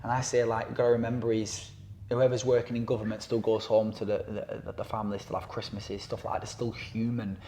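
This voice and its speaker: A man's voice: fairly low pitch, brisk, a little hiss or hum. A man, a campaigner talking casually on a podcast, rambling with fillers and restarts and acting out quotes in voices. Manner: animated storyteller who acts out quotes in voices. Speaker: anti-knife-crime campaigner and guest.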